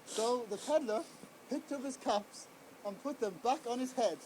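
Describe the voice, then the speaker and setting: A young man reading a picture book aloud to children, acting out the characters with lively storytelling. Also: very high voice, moderate pace, slight background noise. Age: young adult. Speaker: guest reader at a children's event.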